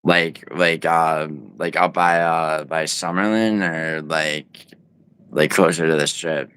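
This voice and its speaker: A man's voice: rumbling low, steady tone, takes it slowly, a bit bright, clean tone. A man livestreaming from home, rambling and teasing his viewers in profane, casual banter as he reads the chat. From United States.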